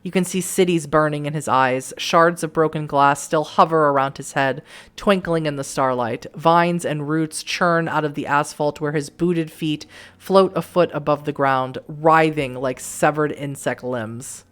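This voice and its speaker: A woman's voice: low voice, steady tone, a little slow. A woman streaming a story game, reading its narration aloud and reacting with casual, wry asides. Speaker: let's play streamer.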